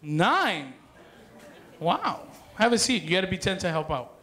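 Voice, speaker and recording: Bright-voiced joking party magician man. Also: sits high, sing-song, measured pace. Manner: playful, joking, calls to the crowd. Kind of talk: live party magic show patter. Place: party hall with dance floor.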